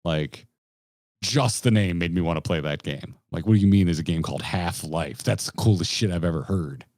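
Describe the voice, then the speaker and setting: A man's voice: deep voice, moderate pace, a little mellow, no echo, clean studio sound. A young American man co-hosting a podcast, emphatic, crude and sarcastic in casual chat. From United States. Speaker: podcast co-host.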